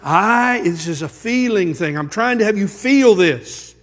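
A man preaching a sermon as pastor, quoting scripture and building to emphatic high points. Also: animated, unhurried, long reverb tail.

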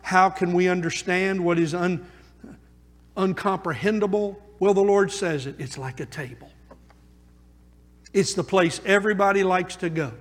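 A male pastor preaching a sermon, moving between loud urging and hushed intensity as he presses his points. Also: high-pitched, moderate pace, pauses often, big-room sound.

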